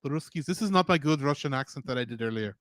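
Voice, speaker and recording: A man co-hosting a podcast in casual chat, ranting in quick animated bursts. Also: medium pitch, dry recording. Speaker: podcast co-host.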